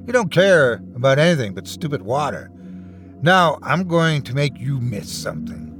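An unhinged, bitter customer with a revolver, snarling and erupting into shouts, as a man puts him on. The voice rises high and swings widely in pitch, with a faint music bed underneath in this spoken horror tale. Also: sing-song, moderate pace.

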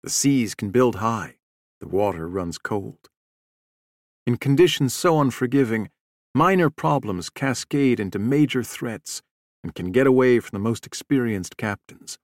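Guy reading an audiobook, steady and measured, mid pitch, super dry close mic. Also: dry recording. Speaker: narrator. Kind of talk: scripted audiobook narration.

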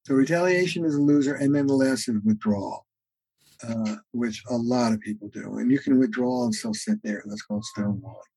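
A man with a husky, mellow voice speaks as a therapist guest in a podcast interview. He explains concepts earnestly and in a teaching manner, often pausing on "uh." He sometimes acts out both sides of a couple's argument. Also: mid-range voice, very animated, no echo, low-quality recording.

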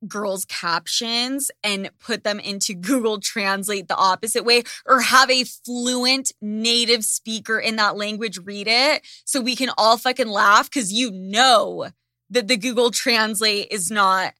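A woman hosting a podcast in casual chat, ranting in an animated, profane way. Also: mid-range voice, a little slow, no room sound, clean studio sound. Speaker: podcast host.

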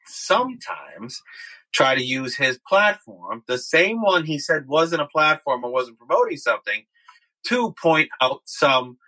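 Male co-host, bright tone, fairly high voice, measured casual talk. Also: big pitch swings, low-quality recording. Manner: measured, hesitant with uhs. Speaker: podcast co-host. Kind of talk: casual chat.

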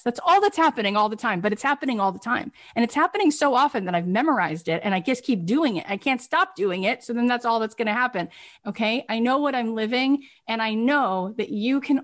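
A middle-aged woman coaching her students, her voice sitting a little high for a woman. She tells stories with lots of emphasis and animation, and she keeps repeating her points to drive them home. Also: animated, fairly quick, a bit bright. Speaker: business coach. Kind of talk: coaching talk.

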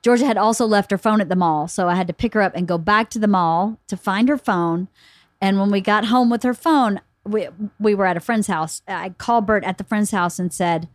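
A woman hosting a podcast, telling a family story in an animated, casual way. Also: mid-range voice, a little fast, no room sound, clean studio sound. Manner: animated, acts out quotes. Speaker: podcast host.

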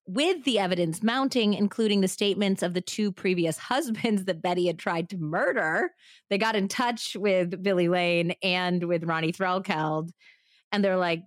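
A woman's voice: fairly low pitch, moderate pace, dry recording, clean studio sound. A woman hosting a true crime podcast, telling the story casually with a twang, laughing often and doing drawling voices for quotes. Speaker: podcast host.

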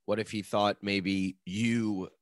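A man's voice: lowish voice, slow pace, dry recording, clean studio sound. A man co-hosting a podcast, telling rambling stories in casual chat and acting out little voices. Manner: rambling, animated storytelling with playful voices. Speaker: podcast co-host.

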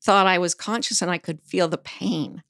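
A woman's voice: on the low side, normal speed, vocal fry, fairly bright tone, no echo, clean studio sound. A middle-aged woman, a podcast guest, telling vivid personal stories in a frank, blunt way. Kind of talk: storytelling in casual conversation.

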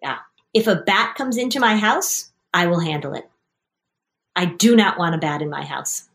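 A woman hosting as a parenting coach, guiding a mother and child with animated stories and acted-out quotes. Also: fairly low pitch, normal speed. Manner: animated storytelling, acting out quoted voices. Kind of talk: coaching conversation.

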